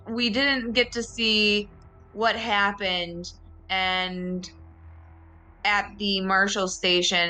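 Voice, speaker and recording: Slow, bright-voiced woman. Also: lowish voice, clean tone, poor audio. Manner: hesitant, halting, thinks aloud. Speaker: player. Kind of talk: tabletop role-play.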